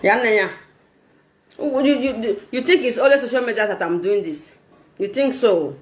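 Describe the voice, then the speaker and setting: Lively Nigerian woman, high voice. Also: moderate pace, echoey room. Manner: animated, laughing, pidgin-mixed talk. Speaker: social media vlogger. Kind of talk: casual live video chat.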